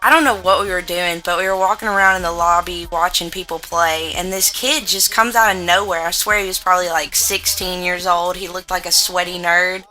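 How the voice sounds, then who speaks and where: A young American woman with a hillbilly-ish Southern twang, chatting over a game in a casual vlog. Her voice is bright and a little sharp, and she tells her stories in a loud, profane way. There is faint music playing underneath her. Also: on the low side, fairly even intonation, fairly quick, hardly any pauses, low-quality recording. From United States. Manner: loud, profane, laughing storyteller with a drawl. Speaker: gaming YouTuber. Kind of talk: casual gaming vlog storytelling.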